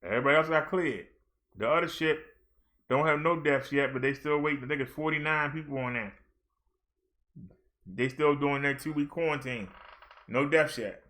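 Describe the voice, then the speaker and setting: A male minister chatting casually on a livestream, joking freely between updates. His voice sits fairly high with a bright, forward ring. He lifts with excitement whenever the news turns good. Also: moderate pace, pauses often. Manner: chatty, jokey, excited when reading numbers.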